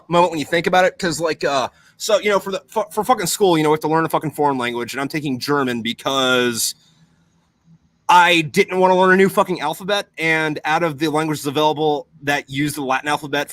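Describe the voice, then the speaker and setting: A man's voice: on the high side, fast. A young man chatting casually on a podcast, rambling and swearing constantly as he explains things. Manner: profane, rambling, animated.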